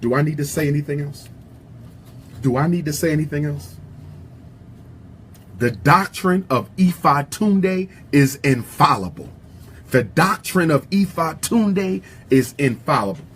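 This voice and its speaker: A man's voice: on the high side, expressive, a little slow, fairly bright tone, slight background noise. A man giving an impassioned speech to an audience, repeating his lines for emphasis in a preacher-like cadence. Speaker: public speaker.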